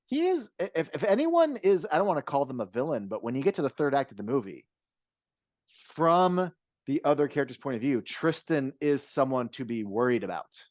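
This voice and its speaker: A man's voice: mid-range voice, big pitch swings, a little fast, darkish tone, no room sound. A man co-hosts a casual film podcast, his voice dry and close with no room around it. He rambles through his points with frequent restarts and drops a curse word now and then. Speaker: podcast co-host.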